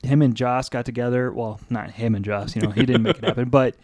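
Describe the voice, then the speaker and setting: A man with a middle-pitched voice co-hosts a casual podcast, eager and quick to laugh as he chimes in with trivia. His voice is dry and close to the mic. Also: steady tone, darkish tone, dry recording. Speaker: podcast co-host. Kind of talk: casual chat.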